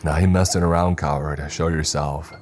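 A man voicing a determined male police detective who shouts orders and pleads forcefully. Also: a bass voice, moderate pace, soft background music. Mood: angry.

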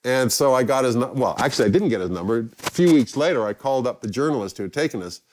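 An older man from England, a guest telling anecdotes in a lively way and acting out the people he quotes. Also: mid-range voice, quick pace, slight background noise. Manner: lively, acts out quoted voices. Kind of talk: anecdotal storytelling.

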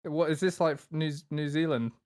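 A man's voice: a little high, darkish tone, clear, resonant tone, no room sound, studio quality. A young man co-hosting a casual podcast, teasing his friends and laughing easily. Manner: teasing, joking, quick to laugh. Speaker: podcast co-host. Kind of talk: casual chat.

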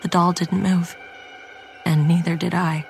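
A woman's voice: on the low side, little pitch movement, a little slow, creaky, darkish tone. A woman narrating a first-person horror story in a tense, scripted storytelling manner. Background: music.

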